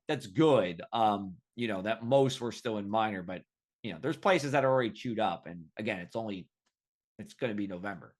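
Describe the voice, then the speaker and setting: A man hosting a weather podcast, talking casually and rambling with lots of fillers. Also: fairly low pitch. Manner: chatty, rambling, filler-heavy. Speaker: podcast host.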